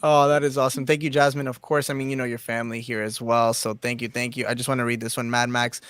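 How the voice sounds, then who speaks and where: A man's voice: medium pitch, level tone, quick pace, fairly bright tone, clean tone, no room sound. A man hosting a livestream in casual chat, effusively thanking his guests and viewers. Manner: effusive, thanks people repeatedly. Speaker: livestream host.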